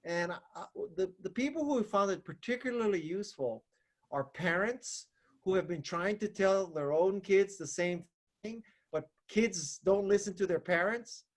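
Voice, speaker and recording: A man's voice: high-pitched, a little slow. A man in his fifties talking as an author guest on a podcast, joking and laughing at himself. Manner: self-deprecating, joking, laughs often. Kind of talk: casual interview chat.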